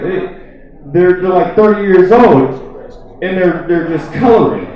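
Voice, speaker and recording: A man doing a stand-up comedy set, telling a rambling, profane story packed with "like.". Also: fairly high pitch. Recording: echoey, distant, dull lo-fi room recording.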